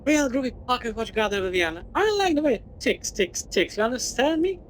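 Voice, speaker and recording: A man's voice: extremely high pitch, sing-song, a little fast, slight background noise, pitched above the performer's own voice, low-quality recording. A woman voicing a laid-back male beatnik hipster from a video game, full of slang and calling people baby. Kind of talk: reading game dialogue aloud in a put-on voice.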